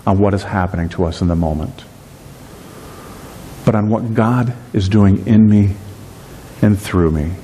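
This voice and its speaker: A middle-aged man preaching a sermon as pastor, lively in delivery and slowing down to stress key phrases. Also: fairly low pitch, slight background noise. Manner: dynamic preaching, slows on key phrases, acts out everyday voices.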